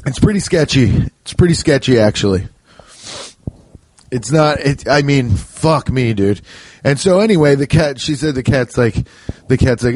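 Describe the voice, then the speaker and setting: A young adult man hosts a solo podcast, rambling through profane, joking stories and doing quick voices for the characters. His mid-range voice is animated with a darkish tone, and there's a little hiss or hum on the recording.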